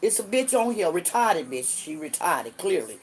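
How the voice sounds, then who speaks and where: Sixty-ish lady on a livestream, lower-pitched voice, going off on folks in AAVE, loud then muttering low. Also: sing-song, moderate pace, breathy edge. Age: 60s. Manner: loud, cursing, trash-talking, swings between hollering and low muttering. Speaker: livestream host. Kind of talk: livestream chat answering viewers.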